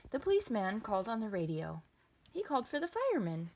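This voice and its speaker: A woman reading a children's picture book aloud with expressive, sing-song delivery. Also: mid-range voice, fast talker. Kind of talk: children's storybook read-aloud.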